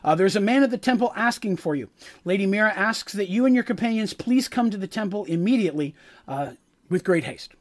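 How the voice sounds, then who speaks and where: A man voicing a dutiful temple messenger who delivers a summons in a formal, hurried way. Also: sits high, lively intonation. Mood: urgent.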